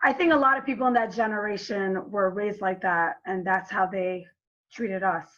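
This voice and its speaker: A woman's voice: mid-range voice, steady tone, moderate pace, a bit bright. A woman hosting an interview, mostly giving short affirming replies. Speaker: podcast host. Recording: dull lo-fi audio.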